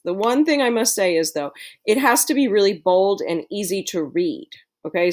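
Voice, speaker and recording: A woman's voice: mid-range voice, darkish tone. A woman teacher giving a screen-recorded tutorial to her students in a friendly, chatty way, with plenty of fillers.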